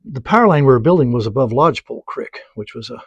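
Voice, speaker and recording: A man teaching oil painting, rambling through folksy anecdotes and muttering softly to himself while he paints. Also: medium pitch, expressive, quick pace, slightly rough, no echo, dull audio. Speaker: painting instructor. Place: painting studio.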